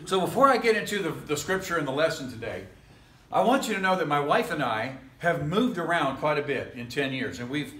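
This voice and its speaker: A man's voice: on the high side, fairly bright tone. A man preaching a casual, rambling sermon as pastor, full of jokes and chuckling asides, recorded in a church sanctuary. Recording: echoey church room.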